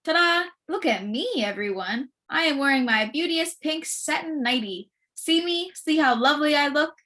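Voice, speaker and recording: A woman's voice: high-pitched, animated, normal speed, bright, forceful tone. A woman voicing a spoiled, vain little rich girl who gushes and shows off. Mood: showing off. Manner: showy, bossy, gushing.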